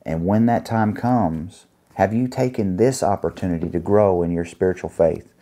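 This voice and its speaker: A man's voice: low-pitched, warm tone. Man preaching an earnest sermon. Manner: earnest, reads scripture aloud with pauses while finding pages.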